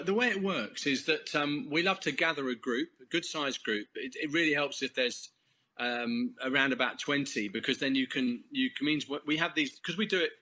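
Bright-voiced Englishman telling a rambling story. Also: medium pitch, low-quality recording. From England. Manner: rambling, self-correcting storyteller who chuckles often. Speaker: course leader. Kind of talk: interview guest, testimony.

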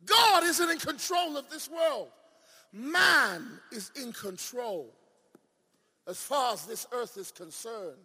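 A male preacher delivering a sermon with emphatic swings between shouting and hushed asides, often asking the congregation questions. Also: very high voice, lively intonation, slow pace, breathy edge. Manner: playful, asks the crowd questions. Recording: long reverb of a large hall.

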